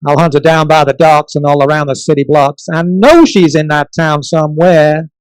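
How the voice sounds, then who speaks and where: A man's voice: fairly high pitch, clean tone, dry recording, natural voice, rough recording. A man putting on a heartbroken cowboy drawl. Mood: lamenting. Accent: mock American cowboy drawl. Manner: comic sing-song rhymed recital, drawn-out lines. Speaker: poet performing his poem. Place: book launch event.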